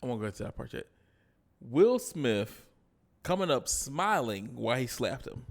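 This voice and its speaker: A man co-hosting a casual podcast chat, telling a story with animated delivery and acting out the quotes. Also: mid-range voice, normal speed, creaky. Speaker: podcast co-host.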